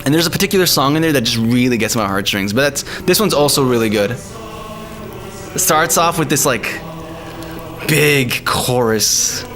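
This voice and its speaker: A man's voice: mid-range voice, expressive, measured pace. A man streaming live and chatting casually, laughing often and calling people man and dude. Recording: faint music behind.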